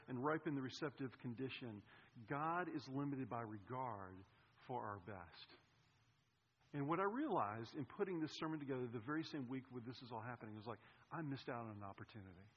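A man preaching a sermon, telling a personal story in an animated way, his voice swinging between loud and hushed. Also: mid-range voice, breathy edge. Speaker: pastor. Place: church sanctuary. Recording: reverberant hall, dull sound.

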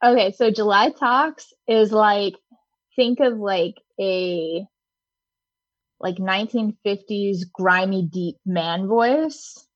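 A woman's voice: medium pitch, slow pace, dry recording, muffled recording. A woman in her thirties co-hosting a podcast in casual chat, laid-back and full of fillers. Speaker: podcast co-host.

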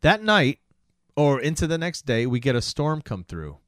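Animated male podcast host. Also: a little high, moderate pace, dry recording, studio quality. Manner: animated storyteller who acts out scenes. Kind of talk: casual chat recapping a movie.

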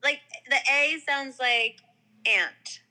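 A woman's voice: a little high, animated, normal speed, bright, forceful tone, rough recording. A young woman with a New York–New Jersey accent in casual chat, blunt and quizzing, swearing casually.

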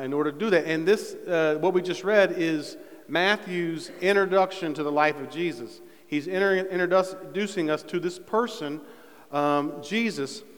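Conversational preacher in an echoing hall. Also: male voice, a little high, a bit bright, clear, resonant tone. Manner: conversational preaching with fillers, rising to fervent emphasis. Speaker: pastor. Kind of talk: sermon. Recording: long reverb in a church hall.

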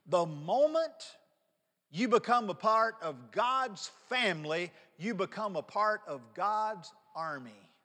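A man's voice: high voice, lively intonation, slow, pushed and bright, in a large hall. A man in his fifties preaching a sermon as pastor, emphatic and repeating key words for stress. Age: 50s.

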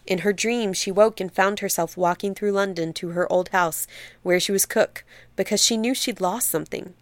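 A woman narrating a literary story in a measured, steady reading voice. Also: medium pitch, no echo.

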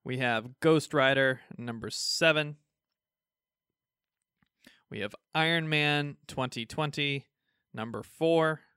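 A man's voice: a little high, takes it slowly, pauses often, sharp tone, clean tone, dry recording, clean studio sound. A man co-hosting a casual podcast, reading through a list of new comic releases with jokes along the way. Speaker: podcast co-host.

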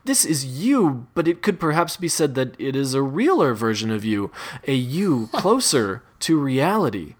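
A man narrating an interactive second-person story in a wry, deadpan way, often breaking into laughter. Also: medium pitch, moderate pace. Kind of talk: second-person choose-your-path narration.

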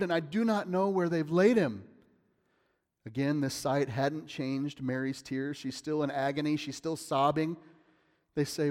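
A man preaching in a church sanctuary, his voice sitting a bit higher than most men's. He keeps it conversational and friendly, then builds into emphatic, rising phrases. The sound rings with a long hall reverb. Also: measured pace, a little mellow. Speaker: pastor. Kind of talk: sermon.

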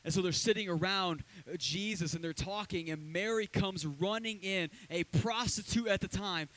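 Energetic conversational male preacher. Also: high voice, normal speed, hardly any pauses, low-quality recording. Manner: conversational, energetic preaching with asides and acted quotes. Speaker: pastor. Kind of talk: sermon. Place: church.

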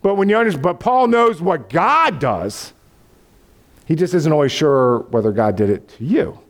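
A male pastor preaching with a lively, swooping pitch that rises and falls across his sentences. His voice sits a touch higher than most men's. He tells the story with animation and acts out the voices of the people in it. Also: normal speed. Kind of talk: sermon.

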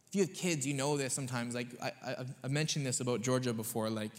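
A man's voice: mid-range voice, fast talker. Emphatic male pastor in a reverberant church. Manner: conversational and emphatic, often checking in with the audience. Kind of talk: sermon. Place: church sanctuary. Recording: long reverb of a church hall.

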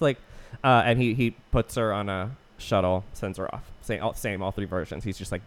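A man with a somewhat low voice chats on a podcast, walking through a film's story in a relaxed, unpolished way. He swears freely and restarts his sentences often as he goes. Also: normal speed, hardly any pauses, a little hiss or hum. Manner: loose, profane retelling of a plot with many restarts. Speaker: podcast co-host. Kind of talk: casual film chat.

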